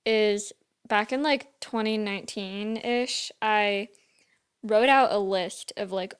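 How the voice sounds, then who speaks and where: A woman's voice: mid-range voice, clear, resonant tone. A young woman co-hosting a podcast, talking in casual chat with lots of "like" fillers. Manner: chatty, full of "like" fillers. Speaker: podcast co-host.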